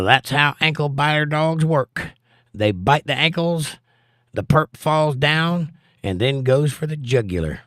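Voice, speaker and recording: A man's voice: medium pitch, a bit bright, dry recording, clean studio sound. A man hosting a casual livestream, reading viewer comments aloud in a folksy, drawling way. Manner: laid-back, folksy, drawling. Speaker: livestream host.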